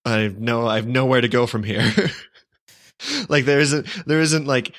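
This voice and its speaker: A young man tells a long story in a loose, rambling way, wry and amused at himself. His voice sits at a middle pitch. The sound is close and dry. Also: moderate pace, fairly bright tone, no echo. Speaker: podcast co-host. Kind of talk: casual storytelling chat.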